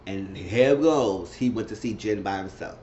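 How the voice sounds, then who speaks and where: A man's voice: fairly low pitch, moderate pace, mellow, lo-fi sound, slight background noise. A man casually recapping a reality show episode, repeating himself and acting out what the cast said. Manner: chatty, repeats himself, acts out quotes in shifting voices.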